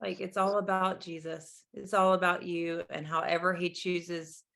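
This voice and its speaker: Gravelly low-voiced woman host. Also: level tone, moderate pace, a bit bright. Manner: affirming, heartfelt. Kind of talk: casual faith conversation.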